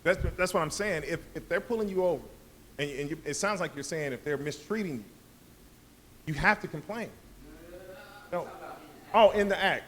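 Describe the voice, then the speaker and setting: A man with a slightly high voice explains things in a measured, steady way, speaking as a police officer. Faint noise sits behind him. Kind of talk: panel discussion.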